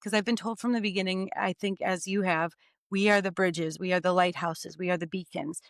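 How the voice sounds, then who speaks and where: A woman hosting a podcast, talking in an upbeat, earnest way in quick bursts. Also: on the low side, fairly even intonation, no echo, clean studio sound. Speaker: podcast host. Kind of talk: casual chat.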